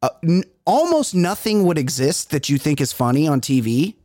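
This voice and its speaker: A man co-hosting a comedy podcast, teasing his friends loudly and swearing freely in casual banter. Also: fairly high pitch, big pitch swings, moderate pace, no room sound, studio quality. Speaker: podcast co-host.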